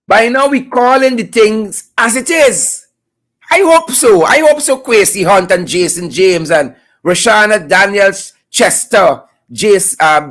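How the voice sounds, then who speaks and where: A political commentator with a Guyanese accent hosts a live stream in a sarcastic, mocking tone. The pitch swoops widely from phrase to phrase, and key points are hammered home through repetition. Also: a bit bright.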